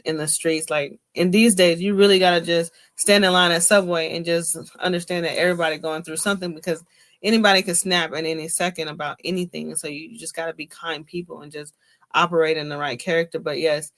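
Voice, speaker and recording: A middle-aged woman co-hosting a casual podcast chat, reflecting and giving advice in a rambling way with fillers. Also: low voice. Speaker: podcast co-host.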